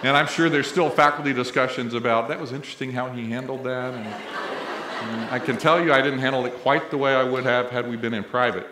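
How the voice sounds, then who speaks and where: A middle-aged man from Missouri speaks at a college ceremony, weaving light humor into anecdotes for the audience. His voice sits at an ordinary mid pitch. The large hall around him is echoey, with a faint hum of noise. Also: fairly even intonation, brisk. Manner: humorous, conversational storyteller, playing to the audience. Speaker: college president and emcee. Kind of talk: ceremony speech with storytelling. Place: large indoor event hall.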